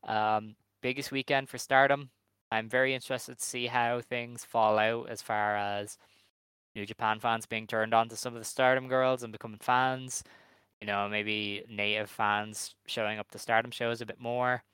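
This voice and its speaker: A man co-hosting a wrestling podcast, speculating in a relaxed way with lots of ums and hedges. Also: mid-range voice, moderate pace, clean tone, dry recording. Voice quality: hesitant, hedging, many fillers. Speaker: podcast co-host. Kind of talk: casual chat.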